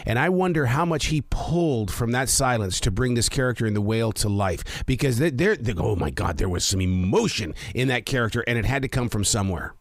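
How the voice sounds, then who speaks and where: A man's voice: mid-range voice, lively intonation, fairly quick, few pauses, no room sound, clean studio sound. Emphatic man from Montana. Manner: emphatic, repeats words when starting. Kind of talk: casual chat.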